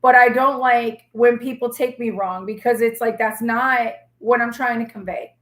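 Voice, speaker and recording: A woman, a tarot reader talking candidly to her live-stream viewers in a sassy, feisty, rambling way, with a forceful tone that can sound like yelling. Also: fairly high pitch, fairly even intonation, normal speed. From New York. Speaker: tarot reader and channel host. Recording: echoey room.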